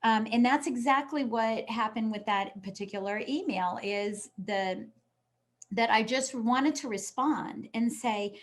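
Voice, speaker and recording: Higher-voiced woman guest coach, earnest, explains by playing out quotes. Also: measured pace. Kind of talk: casual interview chat.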